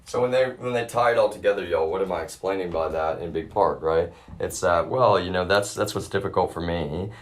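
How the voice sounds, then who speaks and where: A man's voice: low voice, brisk, hardly any pauses. A man livestreaming a profane, rambling rant, talking to his chat as "y'all" in an agitated way. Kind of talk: ranting live stream monologue.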